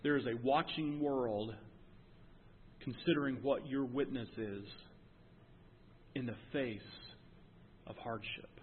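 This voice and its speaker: A male pastor preaching a sermon, swinging from emphatic near-shouts down to hushed, intimate tones. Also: medium pitch, takes it slowly, long pauses, slight background noise. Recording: phone-like sound with long hall reverb.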